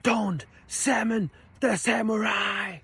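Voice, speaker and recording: A man's voice: high-pitched, fairly even intonation, takes it slowly, fairly bright tone, husky, pitched above the performer's own voice, heavily acted. A man voicing an eccentric male finance professor with a thick Ukrainian accent, rambling and dramatic.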